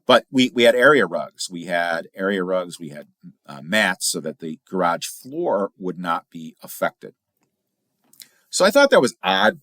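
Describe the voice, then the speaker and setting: A middle-aged man from Illinois with a low, deep voice, hosting a casual storytelling podcast. He talks in a chatty, animated way and throws his pitch up high to stress a point. The sound is dry and close, with no room echo. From Illinois, USA. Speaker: podcast host, firearms instructor.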